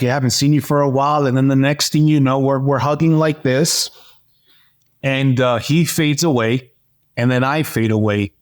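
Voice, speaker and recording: A man as an interview guest, telling a personal story in a lively, animated way, with frequent fillers and restarts. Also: mid-range voice. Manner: animated storyteller, acts out dialogue. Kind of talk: personal testimony in conversation.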